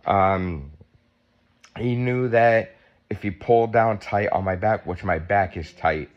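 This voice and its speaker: A man in his fifties talks straight to the camera at home in a fairly low voice, sounding sore and tight as he speaks. He rambles in a chatty, blunt way and swears without holding back. The sound is dull and a little lo-fi. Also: slow pace. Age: 50s. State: sore and tight after surgery. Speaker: vlogger. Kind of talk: casual vlog talk.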